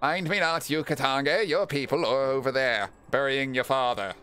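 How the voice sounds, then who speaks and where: A man's voice: medium pitch, moderate pace, bright, forceful tone, clean tone, lightly acted. A man voicing a strange, solemn steppe man who speaks in a formal, archaic way while reading game dialogue aloud. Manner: formal, archaic, raised intoning delivery.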